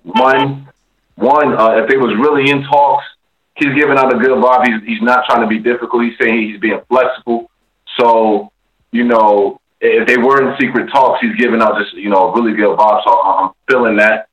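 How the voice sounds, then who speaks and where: A man's voice: mid-range voice, fairly even intonation, moderate pace, a bit bright, poor audio. A man calling in to a talk show, easygoing, filling his talk with casual fillers. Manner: easygoing, peppers talk with "man" and "you know". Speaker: caller. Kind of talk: casual call-in chat.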